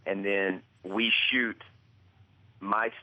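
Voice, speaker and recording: A man in his thirties calls in by phone, polite and quick to laugh as he tells his stories. His voice sits a little low. The line is muffled and dry, with no room around it. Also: fairly even intonation, no echo. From Birmingham, Alabama. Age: 30s. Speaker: phone-in guest, actor. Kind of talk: casual chat.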